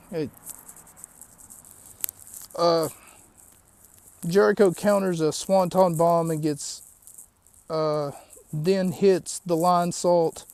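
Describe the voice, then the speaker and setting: A man's voice: high voice, slow, gravelly, long pauses, darkish tone, no room sound. A man hosting a podcast, recapping a show in a rambling, chatty way with lots of asides. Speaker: podcast host. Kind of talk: casual recap of a wrestling show.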